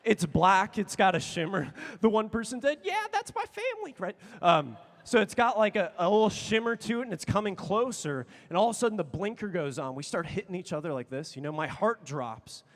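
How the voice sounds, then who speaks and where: A man in his thirties, a youth conference speaker telling a story with excitable energy and sudden shouts. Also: high voice, a little fast, few pauses. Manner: excitable, animated, bursts into shouts. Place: large conference hall. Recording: long reverb of a big hall.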